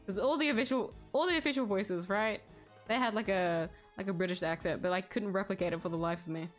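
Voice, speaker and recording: A woman's voice: medium pitch, fast talker, faint music behind. A young Australian woman chatting casually and giggling while she live-streams a game. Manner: chatty, giggly, many fillers.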